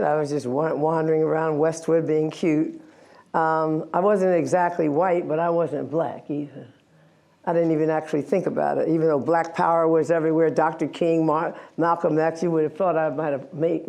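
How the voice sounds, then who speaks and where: Brief: American woman in her 80s, gravelly, candid and animated speaking to an audience. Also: low voice. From United States. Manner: candid, wry, animated storytelling with self-mocking laughs. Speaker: guest speaker, activist. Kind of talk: storytelling talk before an audience.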